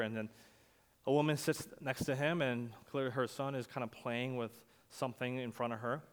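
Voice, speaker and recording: A male pastor preaching a sermon, telling stories conversationally and swinging from loud emphasis to quiet asides. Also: mid-range voice. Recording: long hall reverb.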